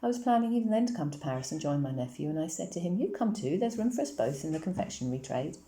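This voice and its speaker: A woman reads as a down-at-heel former actor, a middle-aged man with a German accent. His voice is low and mellow, slow and sorrowful. It echoes a little in the room, as in a read-aloud storybook. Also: sing-song. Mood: sad. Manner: slow, hesitant, mournful.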